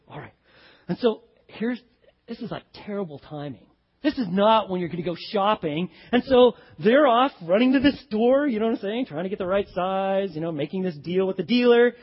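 A man preaching a sermon as pastor, animated and acting out the voices of the people in his story. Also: sits high, fairly quick. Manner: animated, acts out voices of characters. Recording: dull audio with long hall reverb.

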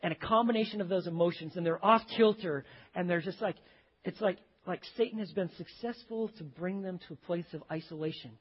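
A man preaching a sermon as a pastor, telling stories and rising to sudden loud emphasis. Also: high voice, a little fast, husky, lo-fi sound.

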